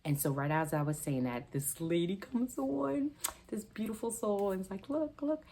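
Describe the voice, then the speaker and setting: A woman's voice: mid-range voice, moderate pace, warm tone. A woman hosting a budgeting channel, talking casually and emotionally to camera, rambling and correcting herself as she goes, with a gap in her teeth. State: tearful at times.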